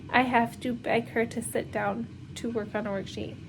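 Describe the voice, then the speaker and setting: Her pitch is fairly high and her intonation fairly even as she speaks unhurriedly. She's a homeschooling mother in her thirties, vlogging a casual, rambling chat with many fillers and nervous laughs while she does laundry at home, against a noisy background.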